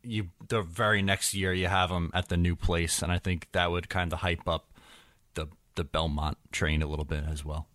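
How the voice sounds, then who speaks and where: Low-voiced man cracking wry jokes. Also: little pitch movement, moderate pace, fairly bright tone, dry recording, clean studio sound. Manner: joking, wry asides. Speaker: podcast co-host. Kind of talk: casual sports chat.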